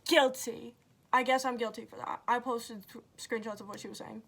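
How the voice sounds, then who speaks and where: A woman's voice: a little high, steady tone, moderate pace, creaky, fairly bright tone, slight background noise. Young woman ranting in a casual vlog. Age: young adult. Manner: ranting, exasperated, sarcastic, lots of "like" and "literally". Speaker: vlogger. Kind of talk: casual chat.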